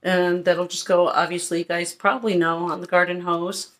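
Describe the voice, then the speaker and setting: A woman's voice: on the low side, level tone, normal speed. A woman vlogger chatting her way through a haul review, frank and rambling.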